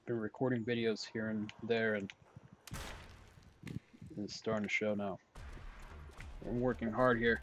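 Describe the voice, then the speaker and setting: A young man giving jokey, excitable gameplay commentary, talking to himself, his voice starting to go hoarse. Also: fairly low pitch, a little slow, long pauses, highs cut off. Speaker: gaming commentator.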